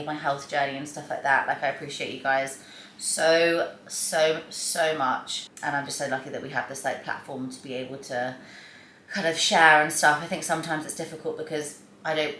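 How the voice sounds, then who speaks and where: A young woman talks to her viewers in a loose, rambling vlog chat. Her voice sits low but comes across bright and forceful. The room around her is echoey, with faint ambient noise underneath. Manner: chatty, rambling, warm and open. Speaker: vlogger. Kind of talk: casual chat to camera.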